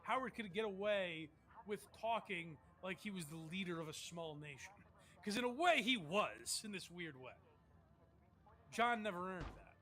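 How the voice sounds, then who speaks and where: Animated high-voiced male streamer. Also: moderate pace. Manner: animated, rambling, profane. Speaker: streamer host. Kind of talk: casual commentary on clips.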